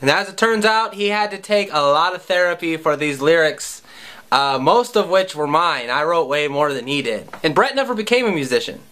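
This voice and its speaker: A man of about thirty tells a funny story from his own life, swearing freely and poking fun at himself. His voice sits high for a man and has a bright, forward edge. His tone is dry and wry. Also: lively intonation, normal speed. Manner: wry, profane and self-mocking. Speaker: musician and vlogger. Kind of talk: comic personal storytelling.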